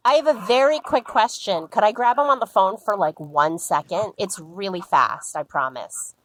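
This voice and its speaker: A woman's voice: medium pitch, normal speed, slight background noise, rough recording. A woman guest on a comedy podcast, bubbly and stammering, politely pushing a restaurant for an answer over the phone. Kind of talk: casual chat, calling a restaurant.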